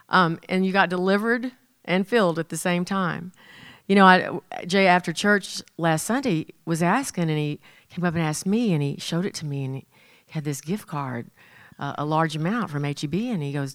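A woman's voice: lowish voice, a bit bright, clear, resonant tone, dry recording, studio quality. A woman leading a church gathering, chatty, telling stories and introducing speakers. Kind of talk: casual church talk.

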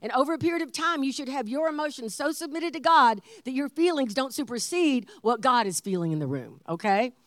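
A woman in her sixties preaching a sermon, telling stories with animated emphasis and laughter. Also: sits high, a little fast, few pauses, no echo, studio quality. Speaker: pastor.

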